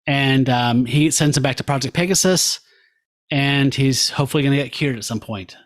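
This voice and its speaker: A man's voice: medium pitch, normal speed. A man co-hosting a podcast, casually retelling a comic story and acting out its characters' lines with laughs. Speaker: podcast co-host. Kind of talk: casual comic recap chat.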